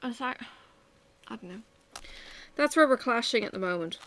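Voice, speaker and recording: A woman's voice: on the high side, lively intonation, normal speed, a bit bright. A woman chatting at home while she works on a craft, venting candidly about her day with frequent sighs. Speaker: vlogger. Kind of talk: casual chat while crafting.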